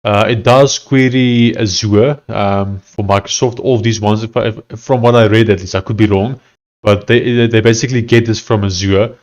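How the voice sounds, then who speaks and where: Lo-fi sound captures a fairly low, darkish voice with fairly even intonation at normal speed. A South African developer streamer, he talks casually as he codes, thinking aloud with hesitation and many restarted sentences.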